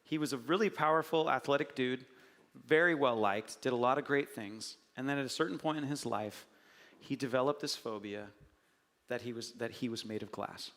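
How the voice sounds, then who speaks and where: A middle-aged man preaching a conversational sermon as a pastor, animated and joking as he tells stories with acted asides. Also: mid-range voice, normal speed. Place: church sanctuary. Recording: church hall reverb.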